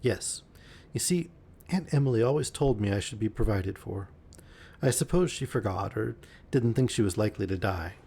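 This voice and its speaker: A man's voice: lowish voice, animated, normal speed, creaky, mellow, husky, exaggerated voice. A man reading aloud and voicing a lonely, wistful young woman who turns teasing.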